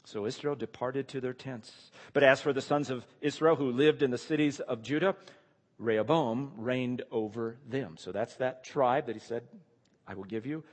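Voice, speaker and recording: In a large hall with long reverb, a pastor preaches a sermon in a mid-range voice at a moderate pace. He reads scripture verses aloud, then pauses to put pointed rhetorical questions to his listeners.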